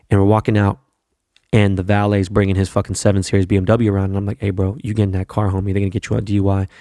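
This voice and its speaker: Podcast host, male, low gravelly voice, swears freely, loose rambling storyteller, dry close sound. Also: mellow, dry recording. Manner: profane, rambling anecdote-telling with many fillers. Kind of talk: casual storytelling monologue.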